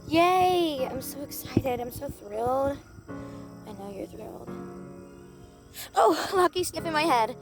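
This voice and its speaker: An excitable woman with a very high voice acts out a playful doll role-play. She talks at an unhurried pace, full of gasps and exclamations. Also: over music.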